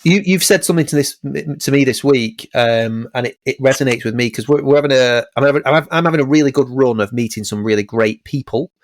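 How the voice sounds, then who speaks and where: A man's voice: medium pitch, fast talker, few pauses, dry recording. Podcast guy talking shop, rambly with ums, dead dry sound no room at all. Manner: chatty, lots of ums and restarts, re-enacts clients. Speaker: estate agent, podcast co-host. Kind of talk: casual podcast chat.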